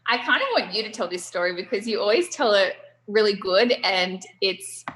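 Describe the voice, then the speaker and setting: A woman guest chatting casually on a video call, relaxed with lots of fillers. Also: mid-range voice, normal speed, a little hiss or hum.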